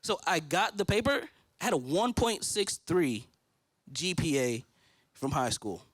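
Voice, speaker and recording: High-voiced man preaching a personal sermon. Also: animated, a little slow, a bit bright, dry recording. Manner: storytelling preacher, acts out his own prayers. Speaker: pastor. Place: church stage.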